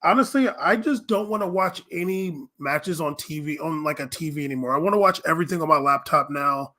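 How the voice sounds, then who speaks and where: Man, slightly high voice, casual podcast co-host, rambling, lots of fillers. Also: fairly quick, bright, forceful tone. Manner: loose, rambling, heavy fillers. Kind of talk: casual sports chat.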